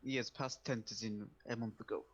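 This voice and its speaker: A man's voice: lowish voice, fairly even intonation, moderate pace, muffled recording, heavy background noise. A man playing a tabletop game over a call, joking wryly in and out of character. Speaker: player.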